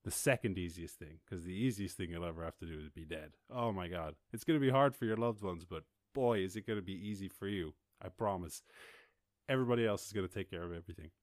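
Low-voiced man telling a rambling story. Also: fast talker, dry recording, clean studio sound. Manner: rambling, animated, mimics others in high voices. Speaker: podcast host. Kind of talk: casual storytelling monologue.

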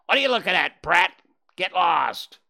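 A man's voice: lowish voice, expressive, normal speed, gravelly, pushed and bright, dry recording, full character voice. A man voicing a rude male jay bird who snarls and taunts. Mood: snarling.

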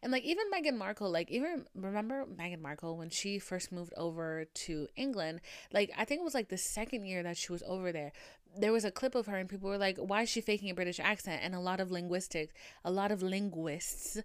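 Podcast host, woman, light Boston accent; animated, rambling and profane, with a smooth, clean voice. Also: medium pitch, fairly quick, dry recording, clean studio sound. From Boston area, US. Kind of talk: casual chat.

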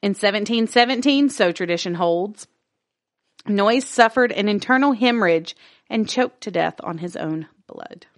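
A woman's voice: medium pitch, animated, moderate pace, no room sound. Woman, casual podcast co-host reading a text aloud with jokey asides, dry close sound. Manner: laughs easily, swears casually, stumbles over words.

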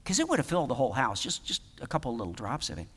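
A man's voice: medium pitch, huge pitch swings, rapid-fire, breathy edge, long reverb tail. A man preaching a sermon in a conversational, emphatic way, with many fillers and restarts. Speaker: pastor.

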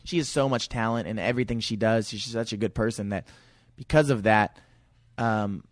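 A man's voice: lowish voice, moderate pace, no echo, clean studio sound. A man guesting on a podcast, talking candidly in a rambling way, often restarting and repeating his words. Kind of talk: casual podcast conversation.

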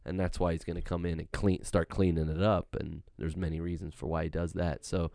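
A man with a very low voice talks through scripture in an earnest, emphatic way. He builds his points by repeating phrases. His voice is close and dry, with no room sound. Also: level tone, brisk, gravelly, darkish tone, no room sound. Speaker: podcast co-host. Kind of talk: casual Bible discussion.

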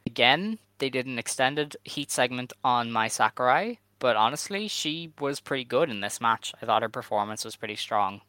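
A man hosting a podcast, recapping in relaxed casual chat. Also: mid-range voice, normal speed, few pauses, smooth, no room sound. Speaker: podcast host.

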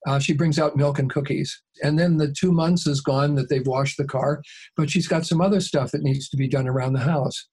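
A man who works as a mediator, telling a story calmly and steadily in an interview. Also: fairly high pitch, normal speed, slightly rough.

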